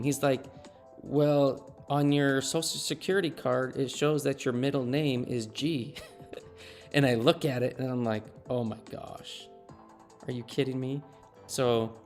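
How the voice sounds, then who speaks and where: A man's voice: medium pitch, darkish tone. A man in his thirties chatting casually on a game live stream, telling a story and laughing at himself. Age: 30s.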